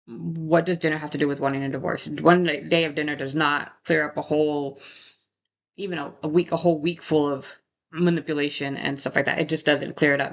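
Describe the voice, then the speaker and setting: A woman's voice: low voice, gravelly. A woman narrating a true crime case in a casual, conversational way, often tagging "right?" and adding indignant asides.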